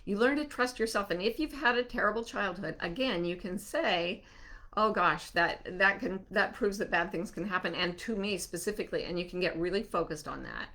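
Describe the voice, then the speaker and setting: A woman hosting a live online gathering, answering listener questions in an animated, reassuring way. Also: mid-range voice. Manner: warm, animated, soothing when slowing down.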